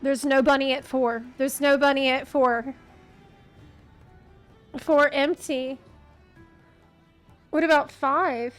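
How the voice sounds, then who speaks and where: A woman's voice: high-pitched, fairly even intonation, slow, pauses often, soft background music. A woman streamer chatting casually with teammates while gaming, playful and giggly. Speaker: game streamer.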